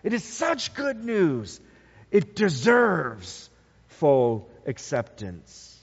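A man preaching an expository sermon, emphatic, repeating key phrases and swinging between soft and loud. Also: high voice. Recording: dull lo-fi sound with long hall reverb.

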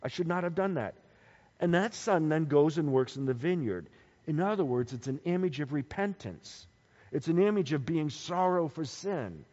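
Man, preacher, bible teaching sermon, animated, higher voice, long hall echo, dull sound. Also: normal speed. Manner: animated, swings from loud emphasis to quiet low asides.

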